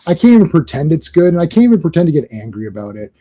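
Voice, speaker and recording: Brief: middle-aged male co-host, fairly high, mellow voice, animated rambling storyteller. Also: racing. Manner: animated, rambling storyteller who laughs often. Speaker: podcast co-host. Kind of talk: casual chat.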